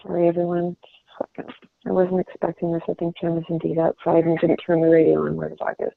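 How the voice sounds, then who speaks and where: A woman's voice: lowish voice, completely flat delivery, quick pace, creaky, no echo. A middle-aged woman giving a sales coaching talk from home, earnest and rambling, often restarting her sentences. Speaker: sales trainer. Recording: tinny phone line.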